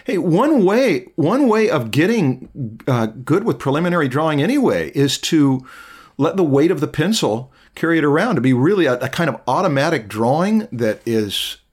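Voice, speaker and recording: A middle-aged man co-hosting a casual art chat, giving thoughtful drawing advice in a measured way. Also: a little high, big pitch swings, husky. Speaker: art podcast co-host.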